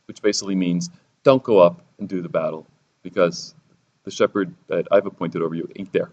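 A man's voice: deep voice, steady tone, brisk, a little mellow, muffled recording. A man teaching a Bible lesson sermon-style, sarcastic and theatrical, raising his voice for the quoted lines.

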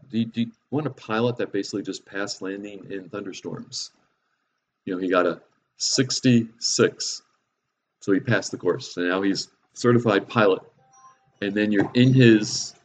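A middle-aged man teaching in a casual, conversational way, with frequent restarts and chuckles at his own jokes. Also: fairly low pitch. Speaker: Christian speaker. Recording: dull lo-fi recording with faint noise.

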